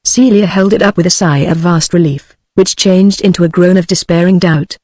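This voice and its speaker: A text-to-speech voice of a woman with a British English accent, reading a novel aloud in an even, steady way. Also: fairly low pitch, normal speed, dry recording, studio quality. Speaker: audiobook narrator. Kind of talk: synthetic audiobook reading.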